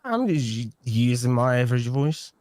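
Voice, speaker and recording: A man's voice: mid-range voice, sing-song, moderate pace, a little mellow, no room sound. A man in a role-play game telling a profane story with animation and acting out the dialogue. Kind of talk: casual in-character storytelling.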